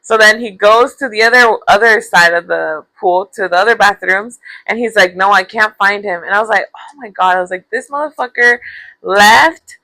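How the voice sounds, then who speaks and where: Young woman podcast cohost, bright voice, cusses a lot, dry close sound. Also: medium pitch, moderate pace, no echo, rough recording. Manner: animated storyteller, swears freely, mixes in Spanish. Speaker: podcast co-host. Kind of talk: casual chat.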